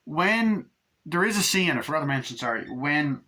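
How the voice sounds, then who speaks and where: A man giving a casual movie review, excitedly retelling scenes with plenty of swearing. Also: a little high, normal speed.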